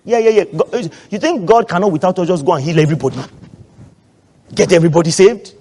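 Male pastor, high-pitched, preaching with amen calls, swings between quiet and shouting. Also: fast, breathy edge. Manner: preaching loudly with call-and-response amens, swinging from soft to shouted; acts out quoted voices of husbands and wives. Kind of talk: sermon.

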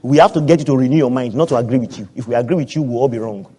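A man preaching a sermon as pastor, calling for amens and acting out what husbands and wives say, swinging from soft asides to loud proclamations. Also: mid-range voice, very fast, slightly rough. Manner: preaching loudly with call-and-response amens, swinging from soft to shouted; acts out quoted voices of husbands and wives.

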